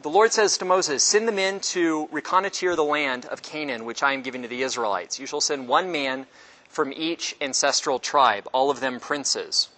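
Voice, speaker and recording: Man, Bible class teacher, slightly high voice, conversational, quizzes the class. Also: moderate pace, pushed and bright. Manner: conversational, asks the class questions, acts out quotes with pitch jumps. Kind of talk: casual Bible class lecture.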